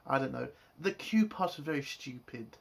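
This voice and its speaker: A man's voice: mid-range voice, expressive, moderate pace, vocal fry. A man giving a casual episode review, frustrated and swearing, building into exasperated outbursts. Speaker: show reviewer.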